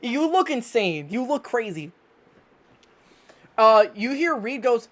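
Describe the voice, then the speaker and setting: A young woman running a tabletop game, narrating in a quick, casual, rambling way. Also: fairly high pitch, sing-song. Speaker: game master.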